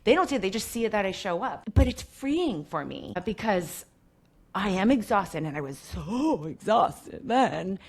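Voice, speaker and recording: A woman in her forties, a guest on a podcast, speaks in a reflective, halting way with plenty of fillers. Her pitch sits in a medium range. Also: big pitch swings, breathy edge. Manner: reflective, hesitant, many fillers. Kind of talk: casual chat.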